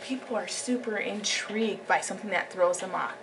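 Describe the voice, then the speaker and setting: A young woman talking casually on her vlog, animated, slipping into whispered asides. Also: medium pitch, fairly quick. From United States. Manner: animated, drops into whispered asides and acted quotes. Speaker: vlogger. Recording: distant mic with faint background noise.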